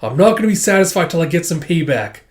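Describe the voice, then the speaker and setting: A man reading as a street thug, brash, threatening, a bit loud. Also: fairly high pitch, very animated, fast talker, voice pushed up. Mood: menacing. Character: vengeful young street thug.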